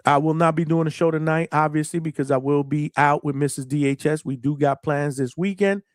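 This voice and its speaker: Male boxing livestream host, slightly raised pitch, dry sound, casual, slangy, shout-outs to chat. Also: steady tone, brisk, no room sound. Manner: laid-back, slangy, filler-heavy, shout-outs to viewers.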